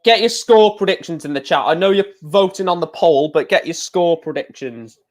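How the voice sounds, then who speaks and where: A man hosting a live stream, chatting casually and excitedly to his viewers. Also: fairly high pitch, normal speed.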